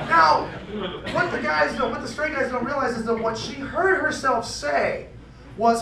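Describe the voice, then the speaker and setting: A man doing an animated stand-up comedy rant with exaggerated outbursts at an event. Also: very high voice, a little slow, gravelly, a crowd in the background. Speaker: comedic performer. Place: convention event room. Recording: echoey room from far off, noisy.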